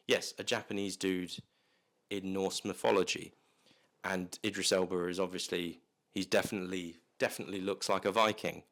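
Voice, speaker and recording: Low-voiced rambling man. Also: flat delivery, normal speed, a bit bright. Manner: rambling, many restarts and fillers, jokey asides. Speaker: movie reviewer. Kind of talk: casual rambling movie review.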